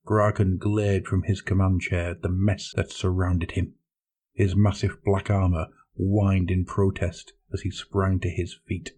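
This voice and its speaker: A man narrating dramatic science fiction in a measured storytelling manner. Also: low-pitched, little pitch movement, warm tone, husky.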